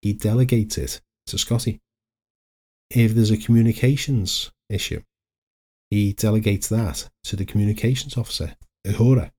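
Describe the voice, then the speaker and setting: A man's voice: fairly low pitch, moderate pace, dark tone, breathy edge. A middle-aged man, hosting a solo motivational podcast in a chatty, anecdotal way that wanders into side stories. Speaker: podcast host, life coach.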